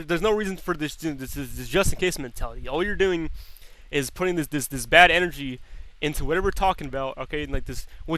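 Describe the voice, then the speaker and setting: A man's voice: on the high side, fast talker, sharp tone, no room sound. A young man streaming, chatting casually and swearing freely, repeating words as he thinks aloud. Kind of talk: casual chat.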